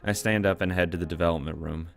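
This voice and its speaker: Low-voiced man reading a visual novel. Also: fairly even intonation, fast talker, creaky, faint music behind. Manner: reads narration plainly, breaks off to swear and react. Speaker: let's-read narrator of a visual novel. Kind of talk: reading game text aloud with reactions.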